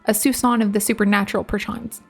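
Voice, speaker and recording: A woman's voice: mid-range voice, little pitch movement, fast, soft background music, natural voice. A woman reading aloud the lines of a courteous male enchanted candelabra servant in her own voice, without any accent. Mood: polite. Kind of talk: reading game dialogue aloud.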